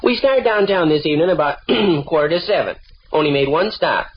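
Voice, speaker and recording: An actor playing an earnest, long-winded young son with a deadpan, repetitive manner, in 1930s radio acting. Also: male voice, on the high side, brisk, natural voice. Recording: dull old radio broadcast with faint hiss.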